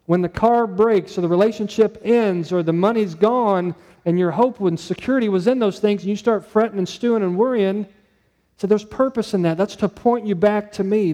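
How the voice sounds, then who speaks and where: High, mellow-voiced male preacher in a reverberant hall. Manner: conversational preaching, storytelling with quoted voices. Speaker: pastor. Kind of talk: sermon.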